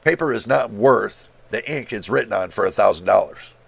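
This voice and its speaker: A tech YouTuber's casual screen-share rant comes out exasperated and incredulous, blunt and full of swearing. His fairly low voice is creaky with a breathy edge and moves at normal speed.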